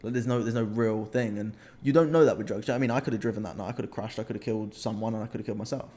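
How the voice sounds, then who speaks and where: Young uk man, podcast co-host, animated storyteller, repeats himself, casual chat. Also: on the low side, very fast. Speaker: podcast co-host, men's coach.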